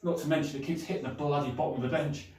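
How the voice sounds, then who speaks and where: A man's voice: a little high, steady tone, rapid-fire, dark tone. A middle-aged man vlogging his workout in a casual, chatty way, swearing a little and short of breath between sets. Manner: chatty, breezy, mild swearing. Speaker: fitness vlogger. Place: home gym at dusk. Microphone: camera set up at a distance. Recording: roomy sound from a distant camera.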